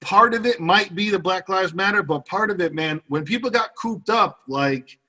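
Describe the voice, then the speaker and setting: A man's voice: sits high, normal speed, pushed and bright, slightly rough. A young man cohosting a podcast in casual chat, chiming in with agreement and slang.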